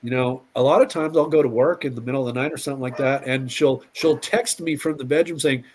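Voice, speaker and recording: A man's voice: mid-range voice, fast, husky. A middle-aged man, a police officer, telling stories as an interview guest, often repeating words and acting out quotes. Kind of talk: casual storytelling interview.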